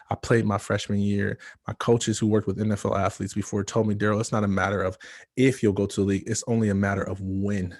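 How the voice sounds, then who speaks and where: A man from Michigan giving a motivational speech, telling his own story with dramatic pauses and hushed asides. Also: lowish voice, dry recording, studio quality. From Michigan, USA. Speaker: motivational speaker.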